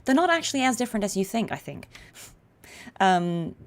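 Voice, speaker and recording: A young adult woman, a voice actress, chatting casually on a livestream and explaining voice technique with quick demonstrations. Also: mid-range voice, sing-song. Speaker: voice actress streaming a game.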